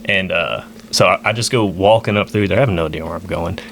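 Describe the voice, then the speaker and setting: A man telling a long hunting story on a podcast in a rambling, animated way, full of "like" and "you know.". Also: deep voice, quick pace, vocal fry, a little hiss or hum. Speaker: guest.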